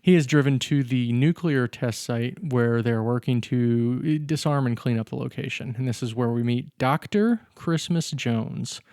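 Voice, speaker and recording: A man's voice: medium pitch, unhurried, few pauses, darkish tone, no room sound, clean studio sound. A man co-hosting a podcast, casually recapping a film's plot step by step with fillers. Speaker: podcast co-host. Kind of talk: casual chat recapping a film.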